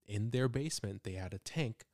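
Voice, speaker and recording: A man's voice: lowish voice, expressive, moderate pace, darkish tone, no room sound, studio quality. A man co-hosting a podcast in casual chat, rambling and restarting as he tells stories. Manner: rambling, restarts often when telling stories. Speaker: podcast co-host.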